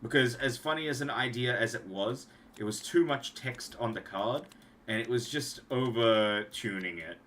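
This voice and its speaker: A man's voice: medium pitch, normal speed, fairly bright tone, slight background noise. A young man, rambling casually on a livestream as he shows off card designs he made, trailing off and restarting often. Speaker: streamer and card game designer.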